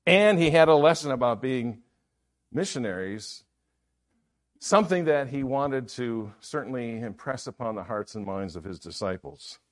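A man's voice: medium pitch, animated, moderate pace. A man preaching a sermon in an earnest manner, often repeating key phrases.

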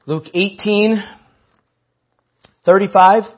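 High, husky male preacher, emphatic repeats; lo-fi church recording. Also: slow pace. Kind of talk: sermon.

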